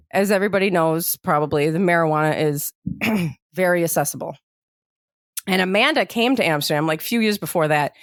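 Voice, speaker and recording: A woman's voice: on the low side, clean tone, no room sound, studio quality. A woman co-hosting a podcast, telling a long personal story in a casual chat, full of "like" and "you know". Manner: animated storyteller, many fillers like "like" and "you know". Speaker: podcast co-host.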